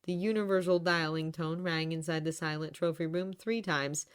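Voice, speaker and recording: A woman's voice: low-pitched, fairly even intonation, moderate pace, clean tone. A woman narrating fan fiction as an audiobook reader, telling the story expressively. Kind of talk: reading fan fiction aloud.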